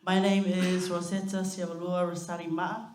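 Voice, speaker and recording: A woman with a lowish, slightly mellow voice speaks at a moderate pace with little pitch movement, over a little hiss or hum in an echoey hall. The youngest sister, she gives a heartfelt, chatty eulogy for her cousin at a family funeral service, with fillers and laughter.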